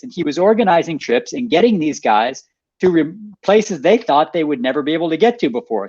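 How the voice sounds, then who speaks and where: A man, an author guest in a radio interview, animated as he explains a story, restating points and laughing lightly. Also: a little high, no echo, dull audio.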